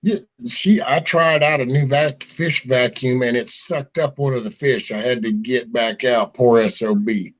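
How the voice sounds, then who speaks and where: A man's voice: medium pitch, unhurried, hardly any pauses, low-quality recording. A man chatting casually with friends, swearing freely and acting out little scenes as he talks. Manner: animated, swearing, acts out scenes in a raised voice. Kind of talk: casual chat.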